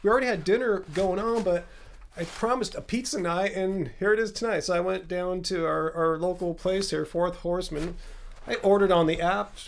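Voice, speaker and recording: A man's voice: high voice, moderate pace, gravelly. A man hosting a casual livestream, rambling loosely with lots of ums and chatty asides. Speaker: livestream host. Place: home room with laptop.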